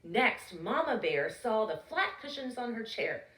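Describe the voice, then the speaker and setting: A young adult woman reading a children's story aloud with a slow, expressive, animated delivery, recorded in a roomy space a little way off from the mic. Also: a little high. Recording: roomy, from a distance.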